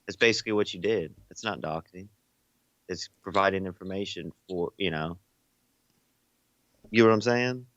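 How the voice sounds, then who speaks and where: A man's voice: low voice, moderate pace, long pauses, fairly bright tone, no room sound, muffled recording. A man co-hosting a casual talk show, pushing his point and often asking "you know what I'm saying". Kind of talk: casual chat.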